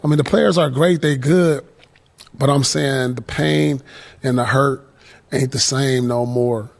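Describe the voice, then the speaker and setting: Gravelly, laid-back male sports talker. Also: medium pitch, fairly even intonation, unhurried. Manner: laid-back, filler-heavy, reflective. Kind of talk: casual conversational commentary.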